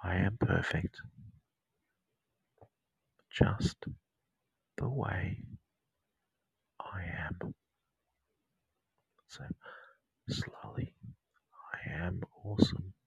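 An Australian man hosting a counselling podcast, leading a whispered guided meditation close to the mic, slow and soothing as he repeats mantras. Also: sits low, steady tone, creaky, slightly rough, dry recording, poor audio.

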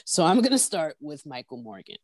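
An animated woman in a casual podcast chat, talking in a slangy, lively way and tossing out one rhetorical question after another. Her voice sits a little low, and the sound is close and dry. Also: brisk, no room sound. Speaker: podcast co-host. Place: at her workplace.

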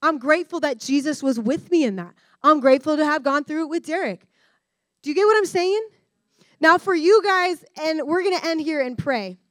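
High-voiced woman preaching with stories. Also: normal speed, no room sound. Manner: candid, animated storyteller who addresses the room directly. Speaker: guest speaker at a discipleship school. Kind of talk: personal-story sermon talk.

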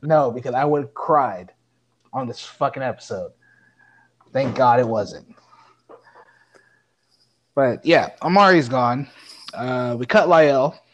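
A man's voice: mid-range voice, slow, long pauses, a little hiss or hum. A man in his late twenties co-hosting a sports podcast, ranting with heavy profanity and rising anger. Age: late 20s. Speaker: podcast co-host. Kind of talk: casual sports podcast chat.

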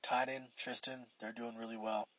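Profane rambling man, husky voice. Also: medium pitch, flat delivery, normal speed, a bit bright, no echo. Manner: rambling and profane, with frequent fillers and restarts. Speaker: podcast host. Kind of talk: casual solo podcast monologue.

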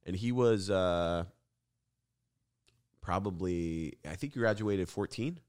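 Man, very low voice, joking podcast host, animated stories, casual chat. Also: slow pace, clear, resonant tone.

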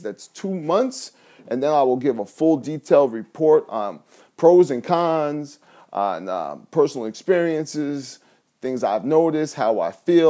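Mellow-voiced man hosting a podcast. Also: medium pitch. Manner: animated storyteller who mimics sounds; motivational sign-off. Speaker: podcast host. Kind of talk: solo podcast monologue.

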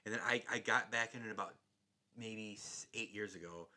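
A man's voice: lowish voice, normal speed, sharp tone, a little hiss or hum. A man in casual podcast chat, laid-back and rambling, saying "dude" a lot.

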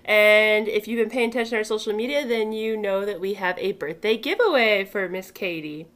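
A woman's voice: medium pitch, fairly quick, fairly bright tone. A woman co-hosting a podcast, chatting casually and joking, often laughing. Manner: laughing, joking, tipsy banter. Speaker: podcast co-host. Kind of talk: casual chat.

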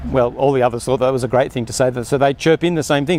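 A man's voice: medium pitch, fast, few pauses, a little mellow, slight background noise. A man preaching a sermon in an earnest way, often acting out quoted speech with more emphasis.

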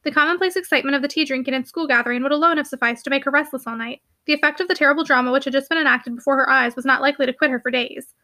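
A woman reading a classic novel aloud as an audiobook narrator, with soft, hushed dialogue that rises expressively. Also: sits high, racing, few pauses. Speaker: audiobook reader.

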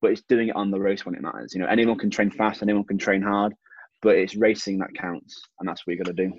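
A man's voice: lowish voice, fast, husky, no echo, muffled recording. A young English man, a swimmer being interviewed, talking casually and easily with lots of "you know". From England. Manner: relaxed, chatty, frequent "you know". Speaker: swimmer, guest.

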